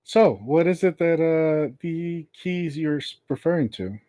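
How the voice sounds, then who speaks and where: A man's voice: a little high, unhurried, mellow, dry recording. A man running a tabletop game as game master, patiently explaining rules in casual talk.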